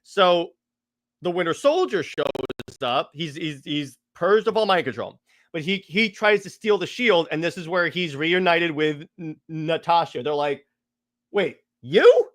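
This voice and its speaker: A man co-hosting a podcast, excitedly retelling comic storylines with lots of stammers and restarts, acting out the characters' quotes. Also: on the high side, measured pace, no echo, clean studio sound. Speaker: podcast co-host. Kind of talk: casual comics chat.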